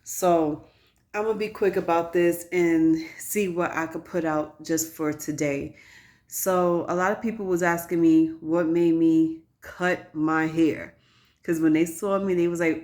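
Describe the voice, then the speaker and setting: A woman's voice: lowish voice, unhurried. Chatty woman vlogging to her phone. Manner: chatty, candid storytelling to viewers. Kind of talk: casual personal vlog.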